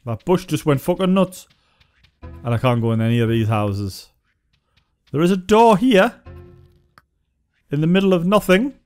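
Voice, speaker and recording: A man commentating as he plays a game for a review, with sarcastic, deadpan remarks and a lot of swearing. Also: on the high side, measured pace, long pauses, smooth, soft background music. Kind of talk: let's-play commentary.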